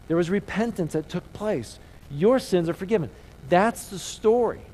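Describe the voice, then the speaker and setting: A man's voice: high-pitched, a little mellow, poor audio. A male pastor giving a conversational sermon, asking rhetorical questions and calling on the audience to repeat key words after him. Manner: call-and-response, asks audience to repeat words.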